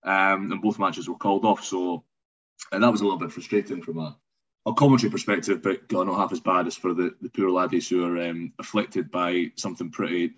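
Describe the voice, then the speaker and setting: Deep-voiced man on a dull line. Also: fairly even intonation, a little fast, fairly bright tone. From Scotland. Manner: chatty storyteller, frequent ums and restarts. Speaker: rugby commentator guest. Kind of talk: casual podcast chat.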